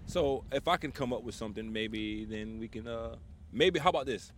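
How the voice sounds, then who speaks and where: A man's voice: mid-range voice, normal speed, slight background noise. A man co-hosting a podcast in casual chat, telling stories in a laid-back way with a lot of swearing. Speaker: podcast co-host.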